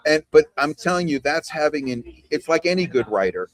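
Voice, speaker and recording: A man's voice: fairly high pitch, lively intonation, fairly quick. A man coaching a team over a video call. He talks in a casual, conversational way and keeps checking in with "right?" and "you know.". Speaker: trainer leading a team call.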